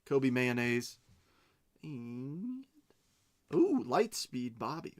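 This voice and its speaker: A man's voice: a little high, sing-song, slow pace, fairly bright tone. A man hosting a card break, chatting casually and reading out each card as he goes, with playful self-mocking asides. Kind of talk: casual live card-opening commentary.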